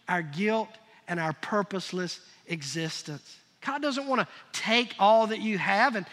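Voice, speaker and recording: A male pastor with a very high, bright and forceful voice delivers an emphatic sermon. He keeps pressing his listeners to answer him aloud. His words ring out with the long reverb of a large church hall. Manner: emphatic, prods the congregation to call out answers.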